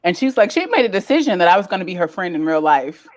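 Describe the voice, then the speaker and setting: A woman guest in a casual interview, chatting in an animated way and laughing often as she tells stories. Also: lowish voice, fast. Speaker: guest, lifestyle content creator.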